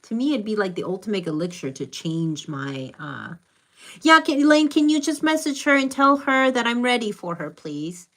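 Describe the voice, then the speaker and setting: A woman's voice: a little high, very animated, normal speed, fairly bright tone. A middle-aged American woman with a Hispanic Latin accent, hosting a live stream, greeting viewers by name and giving earnest, reflective spiritual advice. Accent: American English with a Hispanic Latin accent. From United States.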